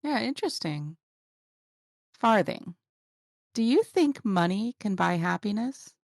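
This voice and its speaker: Woman podcast host asking short questions, gravelly fry, dry close sound. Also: mid-range voice, big pitch swings, measured pace, dry recording. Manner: brief, prompting questions. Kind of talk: interviewing.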